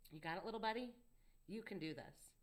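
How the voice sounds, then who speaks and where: A woman's voice: mid-range voice, fairly quick, pitched above the performer's own voice, close to an everyday voice. A woman voicing an earnest young male tutor who coaxes and reassures a frightened child with urgency. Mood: coaxing. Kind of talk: audiobook dialogue reading.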